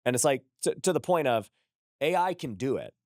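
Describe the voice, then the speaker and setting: A man in his thirties hosting a casual interview, affirming his guest and wrapping up with a relaxed plug. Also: mid-range voice, brisk, no echo, clean studio sound. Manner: affirming, short backchannels, relaxed promo wrap-up. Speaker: podcast host.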